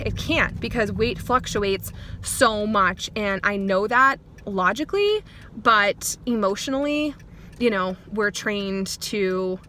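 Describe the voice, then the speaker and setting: A woman talking in a candid personal video diary, earnest and reflective, with frequent pauses and ums. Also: mid-range voice, background noise. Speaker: vlogger.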